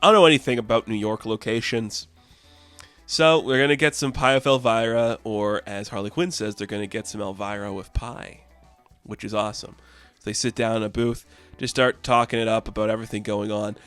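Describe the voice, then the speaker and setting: A man's voice: on the low side, fairly even intonation, brisk, a bit bright, clean tone, faint music behind. A man casually recapping a comic book, with laughs and loose fillers.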